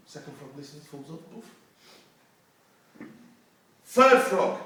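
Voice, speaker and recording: A man's voice: on the high side, normal speed, pauses often. A man giving a motivational talk to young people, telling stories and acting out the crowd's voices, heard in a hall. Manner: storytelling, animated, acts out crowd voices. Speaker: motivational speaker. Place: youth centre hall. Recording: distant mic in an echoey room.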